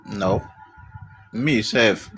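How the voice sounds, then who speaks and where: Low-voiced man, off-mic. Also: very slow, a bit bright, faint music behind. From Nigeria. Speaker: host's husband chiming in.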